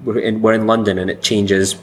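A man's voice: fairly low pitch, flat delivery, brisk, a little hiss or hum. A man, chatting on a podcast in a rambling, trailing way. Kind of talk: casual podcast chat.

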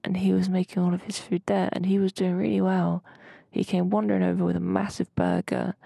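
A woman's voice: fairly low pitch, little pitch movement, a little fast, gravelly, dark tone, breathy edge, no echo. A young woman co-hosting a podcast, chatting casually as she recounts a dream in a rambling way. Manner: rambling, chatty storytelling with mild swearing. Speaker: podcast co-host.

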